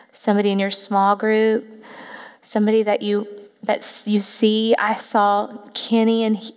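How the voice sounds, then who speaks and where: A woman pastor preaches in a warm, chatty way and speaks straight to her congregation. Her voice carries a long reverb from the church hall. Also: mid-range voice. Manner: heartfelt, conversational, tearful at moments. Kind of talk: sermon. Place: church sanctuary.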